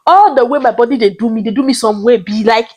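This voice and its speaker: A young woman telling a story to her vlog viewers, dramatic and expressive. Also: on the high side, fast talker, low-quality recording. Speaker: vlogger.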